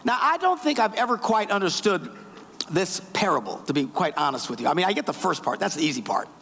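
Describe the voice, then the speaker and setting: A male pastor delivers an animated sermon, his pitch rising and falling. His voice is fairly high with a gravelly edge. The church hall adds a long reverb. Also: fast. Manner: animated storytelling, acts out voices.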